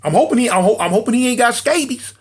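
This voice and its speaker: A man telling a casual story about prison life, animated, repeating phrases and acting out what people said. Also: very high voice, fast, husky.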